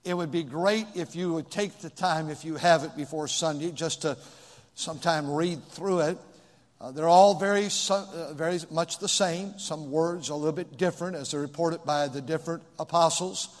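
A man pointing his congregation to a Bible passage in a casual, halting way. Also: fairly high pitch. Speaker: pastor. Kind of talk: sermon, Bible reading intro. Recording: long reverb.

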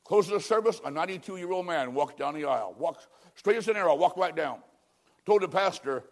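A man preaching a sermon in a dramatic style, swinging between loud declarations and hushed, drawn-out lines. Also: a little high, expressive.

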